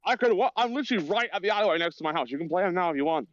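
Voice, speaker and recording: A man's voice: sits high, animated, racing, highs cut off, a little hiss or hum. A man co-hosting a live stream, chatting casually and in a laid-back way while walking outdoors. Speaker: livestream co-host. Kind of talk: casual livestream chat. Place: outdoors in an alleyway.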